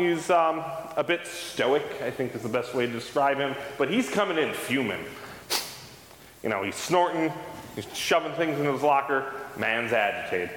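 Pastor preaching in an echoing hall. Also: male voice, mid-range voice, expressive, unhurried, a bit bright. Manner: conversational storytelling, acts out quoted dialogue. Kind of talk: sermon with personal story. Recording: roomy hall reverb, faint background noise.

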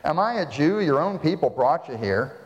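A snarky, impatient Roman governor who wants the whole matter gone, as a preacher puts him on. The voice rises a little above a man's middle pitch, and it echoes through a large hall with a long reverb tail. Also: big pitch swings, moderate pace, a little mellow, dull audio, slight background noise. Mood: irritated. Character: weary, dismissive male Roman governor.

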